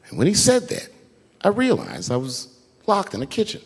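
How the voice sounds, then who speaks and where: A middle-aged man telling a long stand-up story on stage, profane and animated, acting out the people in it. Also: high voice, normal speed, gravelly, breathy edge. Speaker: stand-up comedian. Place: large venue on stage. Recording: live stage recording with long hall reverb.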